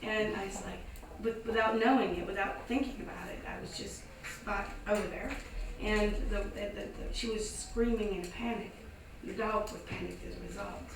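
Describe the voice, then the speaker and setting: A woman's voice: medium pitch, moderate pace, few pauses. A woman from the American South telling a story casually to a live audience, acting out the voices of the people in it. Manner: animated, acts out voices in her story. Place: indoor event space. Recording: echoey room, distant mic, some noise.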